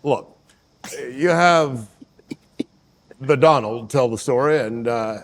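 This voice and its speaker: A man doing a comic impression of a calm, measured male statesman who talks slowly with pauses. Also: mid-range voice, close to an everyday voice. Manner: slow, deliberate, halting with "uh".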